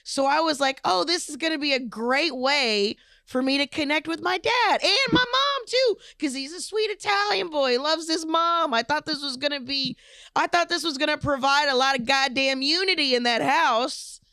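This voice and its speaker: A woman co-hosting a podcast, telling stories in an animated, profane, casual way. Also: high-pitched, normal speed, dry recording, clean studio sound. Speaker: podcast co-host. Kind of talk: casual chat.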